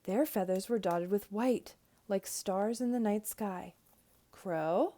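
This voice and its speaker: Female teacher, read-aloud for little kids, clear and expressive, mid-pitched. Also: measured pace. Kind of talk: reading a picture book aloud to young children.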